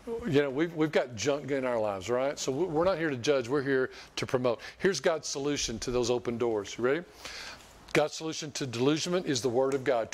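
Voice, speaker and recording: An older man preaching a sermon as pastor, folksy and rambling, restarting and repeating words as he talks to his church. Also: fairly high pitch. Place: church sanctuary.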